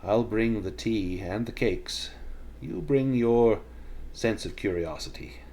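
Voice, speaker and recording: Prim young student guy with stiff british-ish phrasing, played by a game master, low and slow. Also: vocal fry, dark tone, slight background noise. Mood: genteel. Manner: prim, old-fashioned British turns of phrase. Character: young male student with oddly British airs.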